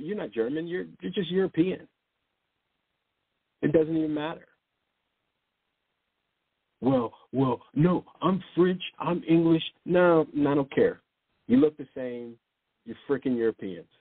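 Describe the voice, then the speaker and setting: A man's voice: mid-range voice, slightly rough, no echo. A man preaching an impassioned sermon, speaking emphatically and firing off rhetorical questions. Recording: dry, tinny phone-like sound.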